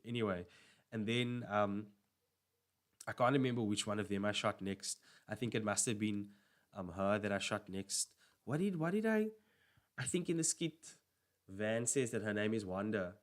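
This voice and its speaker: A man chatting casually on a stream, rambling and correcting himself as he goes. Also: lowish voice. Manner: rambling, self-correcting, filler-heavy. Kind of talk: casual chat.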